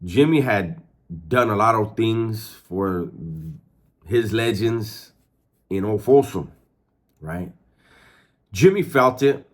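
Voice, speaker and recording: A man's voice: on the low side, slow pace, pauses often. A middle-aged former prisoner telling his story candidly, in street slang, with lots of restarts and swearing. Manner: streetwise, profane, frequent restarts.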